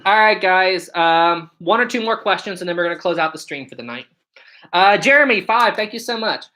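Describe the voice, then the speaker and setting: A man's voice: sits high, animated, a little fast, sharp tone, poor audio. A man in his twenties hosting a casual livestream, upbeat and chatty, answering viewer questions and thanking his audience. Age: 20s. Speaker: livestream host.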